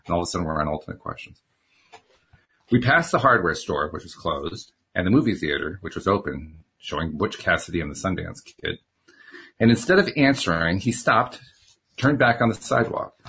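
A man's voice: deep voice, big pitch swings, a little fast, bright, forceful tone, husky. A man reading a novel aloud chapter by chapter, breaking off for chatty asides. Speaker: reader.

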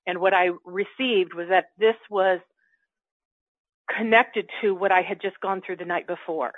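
A woman telling a personal story in casual spiritual chat, acting out her inner dialogue with animated quoted voices. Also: lowish voice, measured pace, no room sound. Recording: dry, tinny phone-like line.

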